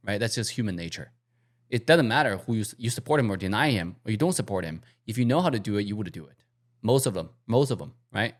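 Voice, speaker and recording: A man's voice: fairly low pitch, expressive, fast. A man hosting a casual talk show, speaking emphatically, repeating himself and checking in with "right?". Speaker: host.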